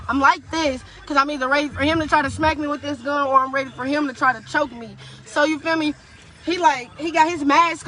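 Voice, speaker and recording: High-voiced young woman, profane storytelling. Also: bright, forceful tone. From Indianapolis, USA. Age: young adult. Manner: profane, rapid retelling with quoted dialogue. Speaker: guest recounting a kidnapping. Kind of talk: casual storytelling interview.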